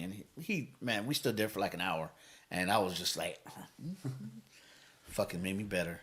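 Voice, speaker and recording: Guesting as a motivational speaker on a podcast, this man has a low-pitched voice and a moderate pace. He tells stories with energy, curses freely and acts out quotes in a casual chat.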